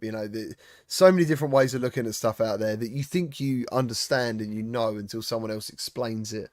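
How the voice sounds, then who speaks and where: A man's voice: medium pitch, a little fast, no room sound. Chatty male podcast host, dry sound. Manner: chatty, animated storyteller. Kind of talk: casual chat.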